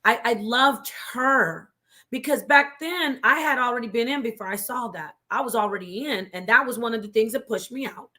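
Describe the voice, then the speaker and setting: A woman's voice: fairly high pitch, moderate pace, sharp tone. A woman guest telling her story on a talk show, passionate and preachy, sometimes dropping to a whisper for emphasis. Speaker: guest, former member of a religious group.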